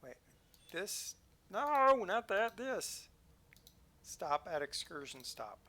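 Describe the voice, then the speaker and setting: Casting: male game streamer, bright and a touch high, playful and jokey, loose live chat. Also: big pitch swings, takes it slowly. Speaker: livestream host. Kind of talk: casual game commentary.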